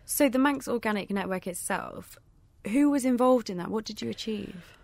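A woman's voice: on the high side, moderate pace, vocal fry, darkish tone, no room sound. A woman interviewer asking short, direct questions.

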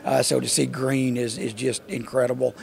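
A man's voice: mid-range voice, flat delivery, moderate pace, vocal fry, a little mellow. A man from Oklahoma with an Oklahoma accent, a visiting farmer answering interview questions in a friendly way, with many "uh" restarts. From Oklahoma, USA.

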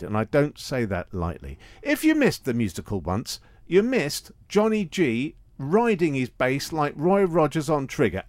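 A man's voice: medium pitch, a little mellow, no echo. A man hosting a radio music show, introducing and interviewing a guest with emphatic enthusiasm.

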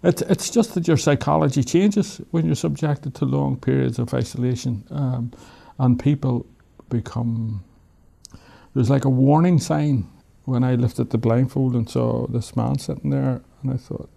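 A man's voice: medium pitch, a little slow, creaky, mellow. An Irish man, a guest in an interview, tells his story in a reflective, wry way and often laughs while he talks. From Ireland.

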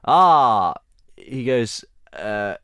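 A man's voice: medium pitch, animated, extremely slow, sharp tone, clean tone, dry recording. Co-host guy, cheeky and jokey, mid voice, dry mic. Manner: playful, cheeky banter. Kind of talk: casual political chat show.

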